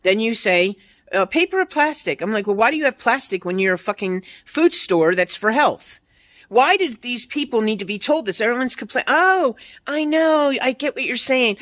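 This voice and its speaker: A woman's voice: on the high side, moderate pace, fairly bright tone. Blunt, profane woman in her fifties ranting. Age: 50s. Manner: blunt, profane, exasperated ranting with mocking quoted voices. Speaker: vlogger. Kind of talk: ranting monologue to camera.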